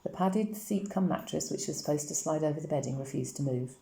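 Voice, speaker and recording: A woman reading a novel aloud in a steady, even storytelling manner. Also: low-pitched, a little fast, creaky. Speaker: audiobook reader. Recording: roomy echo.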